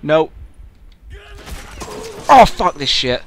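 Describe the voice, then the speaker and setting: A young man commenting on his own gameplay, excitable and swearing loudly whenever things go wrong. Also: fairly high pitch, measured pace, long pauses. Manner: excitable, yelling and swearing at the game. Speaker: gamer. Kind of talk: let's play commentary.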